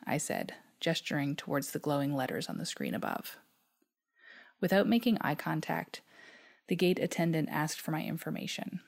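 A woman from Newfoundland reads her own reflection in a very low voice with a gravelly fry. She keeps a soft, measured pace and at times drops nearly to a whisper. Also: expressive. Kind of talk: reading a personal reflection aloud.

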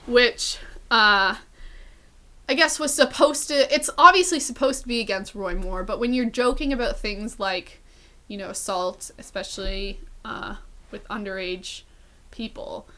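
Young woman, podcast co-host, bright tone, casual filler-heavy chat. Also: mid-range voice, measured pace. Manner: chatty, filler-heavy, lots of "like".

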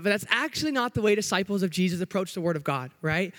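A young man preaching a sermon as a youth pastor in church, hyper and upbeat, joking with the congregation while trying to slow down. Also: high-pitched, lively intonation, a bit bright. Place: church sanctuary.

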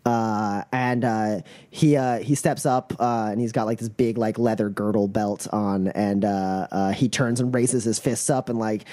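A man narrating a tabletop role-playing game as game master, pausing often with "uh" and "like". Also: fairly low pitch, fairly even intonation, mellow. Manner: hesitant, full of "uh" and "like".

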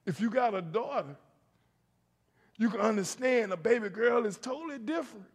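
A middle-aged pastor with a high, expressive voice that carries a gravelly, breathy edge preaches at a moderate pace. Telling stories and calling out to the congregation, he fills the church sanctuary, where a long hall reverb trails his words.

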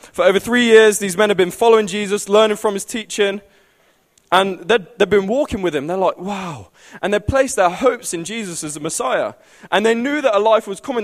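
A man preaching a sermon with passion, building to loud pleading climaxes. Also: high voice.

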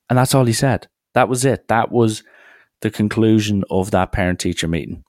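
A man's voice: lowish voice, normal speed, no room sound, clean studio sound. A young man telling a school story in a casual, wry, rambling way. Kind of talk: casual anecdote.

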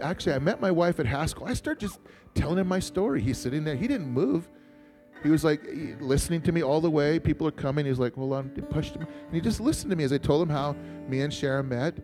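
A male pastor from Montana telling a personal story in a sermon, chatty and joking, calling on the congregation to answer. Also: medium pitch. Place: church.

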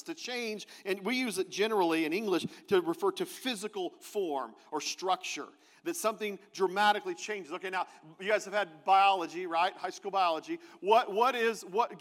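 High-voiced pastor in a reverberant hall. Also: male voice, a bit bright. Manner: conversational, asks the congregation questions. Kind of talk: sermon. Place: church sanctuary.

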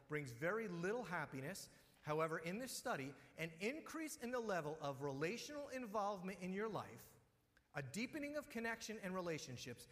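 A man's voice: high-pitched, fairly bright tone. A man preaching a sermon as pastor, talking conversationally and telling personal stories. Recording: long hall reverb.

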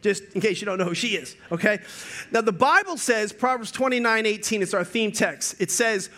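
A male pastor preaching a sermon in a high, bright voice. He jokes and tells stories with plenty of energy. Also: a little fast. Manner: joking, storytelling, energetic.

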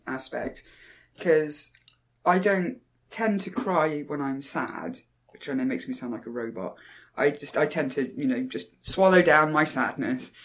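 A woman co-hosting a podcast, reflective and playful, often acting out her own inner voice. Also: sits low. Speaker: podcast co-host. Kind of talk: casual chat.

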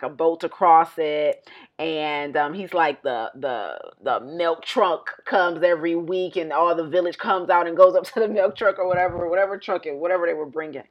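A woman's voice: deep voice, lo-fi sound. A woman co-hosting a podcast in casual chat, telling stories and laughing often. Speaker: podcast co-host.

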